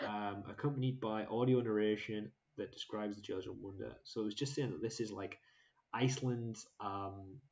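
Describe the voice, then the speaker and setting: A man's voice: fairly low pitch, steady tone, normal speed, darkish tone. Rambling male co-host on a muffled call. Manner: rambling, laughs often, many fillers. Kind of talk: casual chat.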